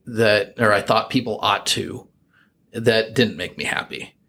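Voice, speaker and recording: A man's voice: on the low side, fairly even intonation, unhurried, gravelly, bright, forceful tone, a little hiss or hum. A middle-aged man with an American accent, chatting reflectively as an interview guest, full of fillers and restarts. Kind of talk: casual interview chat.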